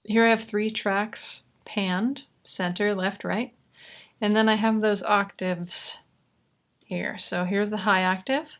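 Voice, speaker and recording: A young woman explaining how she records and layers vocals, in a chatty, relaxed way with asides. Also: medium pitch, takes it slowly. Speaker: vocal producer teaching. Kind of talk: casual tutorial explanation.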